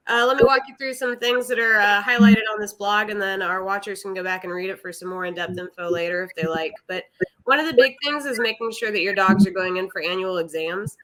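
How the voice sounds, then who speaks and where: A woman's voice: medium pitch, a bit bright, rough recording. A woman from an animal shelter chatting on a podcast, explaining pet care in a friendly, easygoing way. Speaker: animal shelter staff member. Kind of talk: informative podcast chat.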